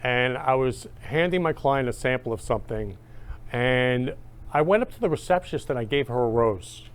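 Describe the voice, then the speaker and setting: A man hosting his own show, talking in an eager, gushing monologue that swings up loud on key phrases. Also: mid-range voice, lively intonation, moderate pace, clear, resonant tone. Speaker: host. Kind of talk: enthusiastic casual monologue.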